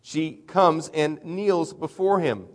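A middle-aged man preaching a sermon in a conversational way, with emphatic swings in loudness. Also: a little high, slow pace, big-room sound. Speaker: pastor.

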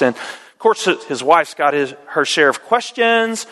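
Male preacher in a church, kinda high voice, folksy storytelling, lots of uhs, big echoey hall. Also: unhurried. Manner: folksy, animated retelling with frequent uh fillers. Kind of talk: sermon storytelling. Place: church sanctuary.

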